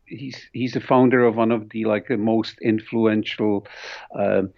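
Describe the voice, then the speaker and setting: A man's voice: on the low side, steady tone, unhurried, creaky. A man with a foreign accent, an author in an interview, telling anecdotes animatedly with many restarts. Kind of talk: conversational interview. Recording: dull lo-fi recording.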